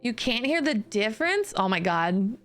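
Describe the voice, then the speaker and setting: A talkative woman streamer chats close to a new mic, her voice slightly high and easygoing, often breaking into laughs. She is in a room with bare walls. Faint background music runs underneath. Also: very animated, normal speed, a bit bright. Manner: chatty, laughs often, tests mic aloud. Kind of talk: casual live-stream chat. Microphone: new studio mic, close.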